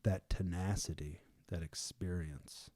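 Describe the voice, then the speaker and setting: A man's voice: low voice, fairly even intonation, unhurried, mellow, slight background noise. A man leading a casual group discussion, retelling a story in a chatty way with slang and laughter.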